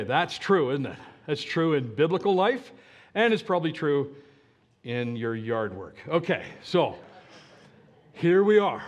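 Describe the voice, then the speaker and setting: Male pastor, high lively voice, slow deliberate sermon delivery with questions to the audience.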